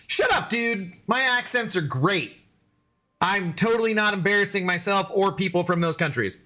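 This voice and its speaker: A man's voice: high-pitched, normal speed, pushed and bright. A man live-streaming a game, joking and bantering as he answers his chat. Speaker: gaming streamer.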